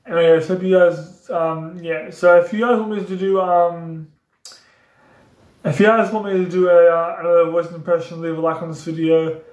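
A man's voice: on the high side, flat delivery, normal speed, a little mellow, lo-fi sound. Rambling young man in an echoey room. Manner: rambling, repetitive explanations. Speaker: YouTuber doing voice impressions. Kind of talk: casual vlog tutorial.

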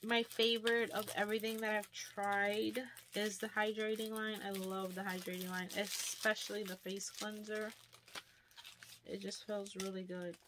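Young woman vlogger, casual unboxing chatter, middle pitch, rambling delivery, faint background hiss. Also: flat delivery, moderate pace. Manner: chatty, rambling, lots of "like" fillers. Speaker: beauty vlogger. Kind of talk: casual haul unboxing chat.

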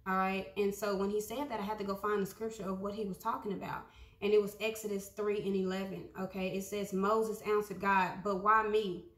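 A woman's voice: mid-range voice, level tone, brisk, reverberant. A young woman giving a casual prophetic message to her followers, talking conversationally with many ums and repeated phrases. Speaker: prophetic speaker.

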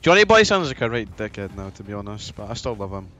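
A young Scottish man chatting on a live gaming stream, excitable and swearing freely, often breaking into laughter. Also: lowish voice, quick pace. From Scotland. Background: faint music.

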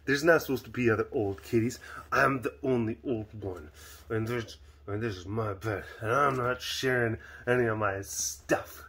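A man's voice: mid-range voice, moderate pace, a bit bright, a little hiss or hum, lightly acted. A man voicing a sassy old leopard queen. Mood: sulky. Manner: indignant, huffy complaining. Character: sassy old female leopard, proud and possessive.

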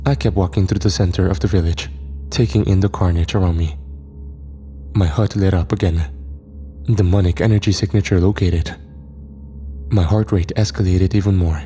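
Deep-voiced male horror narrator. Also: moderate pace, pauses often, faint music behind. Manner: steady, even storytelling. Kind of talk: first-person horror story narration.

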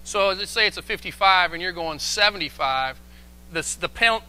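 A man preaching a sermon as pastor, animated and acting out the voices he quotes. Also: sits high, brisk, smooth. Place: church, live stream.

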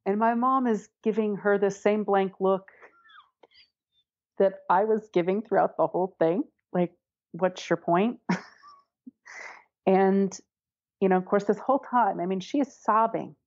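A woman's voice: mid-range voice, a little mellow, dry recording, muffled recording. A woman telling a personal story in an interview, candid and wry, often laughing as she talks. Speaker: interview guest.

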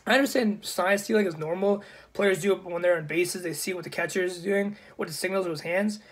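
A young man ranting casually to his camera, indignant and blunt, in a husky voice. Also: high-pitched, steady tone, brisk. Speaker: YouTuber.

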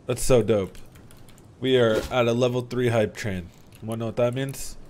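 A young man streaming a game live, chatting with his teammate, thanking viewers loudly and swearing casually. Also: mid-range voice, steady tone, moderate pace, a little hiss or hum. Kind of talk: live-stream gameplay chat.

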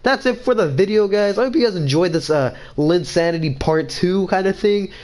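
A man's voice: sits high, lively intonation, moderate pace. A young man giving profane, trash-talking commentary over his own basketball video game match. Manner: loud, swearing, trash-talking, swings to mock apology. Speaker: gaming video creator.

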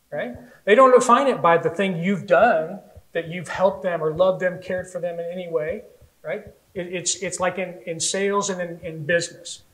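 An American man preaches a sermon from the pulpit, his voice pitched high. He tells stories with animation and slips into little voices for the people in them. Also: a bit bright, low-quality recording. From United States. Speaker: pastor.

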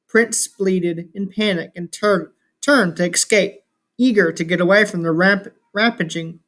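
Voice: medium pitch, fairly bright tone. Reader narrating a storybook aloud. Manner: unpolished reading with slips and restarts. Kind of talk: reading a novel aloud.

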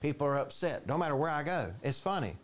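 A man preaching a conversational sermon in a church, animated and chatty, acting out quoted voices. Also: fast talker. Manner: animated, storytelling, jumps to higher pitch for quoted voices. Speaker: pastor.

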